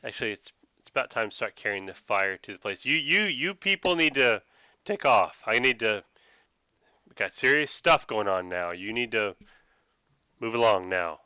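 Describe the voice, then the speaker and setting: Guy putting on a rambling old farm lady, tipsy and suspicious, bright voice that swoops around, dry sound. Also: lowish voice, lively intonation, normal speed, dry recording. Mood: dismissive. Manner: folksy, rambling, gruff about meddlers. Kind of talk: tabletop role-play voice.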